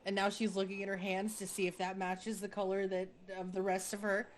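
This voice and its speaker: A woman's voice: medium pitch, flat delivery, brisk, slight background noise. A woman playing a tabletop game, chatty and laughing, describing her character's actions in third person. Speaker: player.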